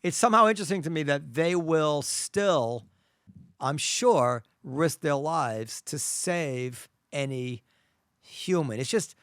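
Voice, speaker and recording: Man, middle-aged, host, slightly high voice, halting, thinking aloud, dry sound. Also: expressive, fairly bright tone, smooth, no echo. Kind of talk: casual chat.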